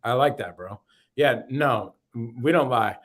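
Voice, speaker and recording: A man's voice: medium pitch, measured pace. A man co-hosting a casual real estate talk show, talking loosely in slang and often repeating his words as he goes. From Boston. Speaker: co-host. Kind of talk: casual podcast chat.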